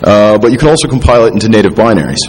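Halting man giving a technical talk. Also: lowish voice, very animated, slight background noise, poor audio. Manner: halting, many fillers and restarts, dry self-deprecating asides. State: tipsy, drinking while talking. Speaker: conference speaker. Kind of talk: technical presentation.

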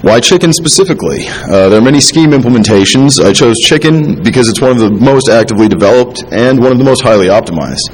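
A man giving a technical conference talk, halting with many fillers and restarts, dropping dry self-deprecating asides, a little tipsy from drinking. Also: mid-range voice, expressive, slightly rough, rough recording. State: tipsy, drinking while talking. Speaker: conference speaker. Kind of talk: technical presentation.

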